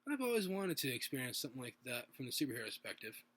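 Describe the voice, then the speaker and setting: A man's voice: mid-range voice, very animated, rapid-fire, a bit bright. A man voicing a casual, friendly adult male buddy in a home-recorded story reading, talking in a loose, raised voice.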